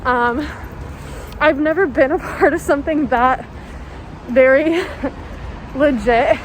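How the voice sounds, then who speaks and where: A woman's voice: high-pitched, slow pace, low-quality recording. A young woman vlogging casually, chatty and laughing often, swearing freely. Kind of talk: casual vlog. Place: outdoors on city streets. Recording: loud outdoor street noise.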